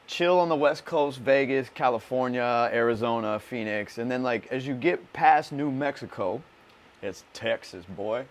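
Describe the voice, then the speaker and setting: A man hosting a laid-back podcast chat, full of slang and swearing. He rambles through his stories in a relaxed, unpolished way. His voice sits at an ordinary middle pitch. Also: a little slow. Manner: loose, profane, slangy storytelling. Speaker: podcast host. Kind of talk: casual chat.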